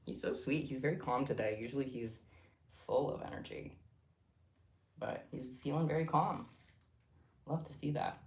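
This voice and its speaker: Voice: mid-range voice, normal speed, long pauses. A livestream host chatting casually while crafting, giggly and rambling off on tangents. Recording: roomy echo.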